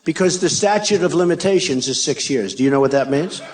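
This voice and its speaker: Recorded among a crowd in a big arena, with background noise and faint ambience, an older political candidate delivers a rally speech. His fairly high, expressive voice moves fairly quickly as he boasts, repeats himself and throws in mocking asides.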